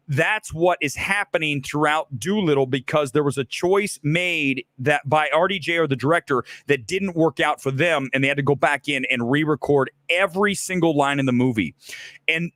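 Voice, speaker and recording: A self-assured man rants about films on his livestream in a raised, slightly high voice. He often repeats and restarts words as he pushes his points. The sound is dry and close, with no room in it. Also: a bit bright, no echo. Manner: emphatic, ranting, self-assured. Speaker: film commentator host. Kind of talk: livestream movie commentary.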